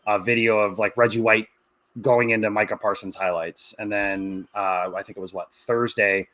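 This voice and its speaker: A man's voice: fairly low pitch, little pitch movement, moderate pace, a bit bright, no room sound. A man in his thirties, a guest on a podcast, talking in an easygoing, rambling way with lots of fillers. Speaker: guest, sportswriter. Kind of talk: casual podcast interview.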